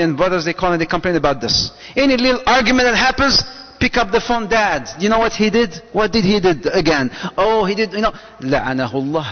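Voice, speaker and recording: A man preaching to an audience, lively and mixing Arabic phrases into his English. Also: high-pitched. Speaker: Islamic preacher. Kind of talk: lecture to a live audience. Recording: dull, echoey hall sound.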